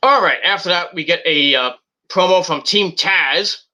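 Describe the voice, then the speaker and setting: A man's voice: high voice, moderate pace, sharp tone, highs cut off. A man casually reviewing a wrestling show, rambling with lots of fillers and mocking paraphrases of what people said.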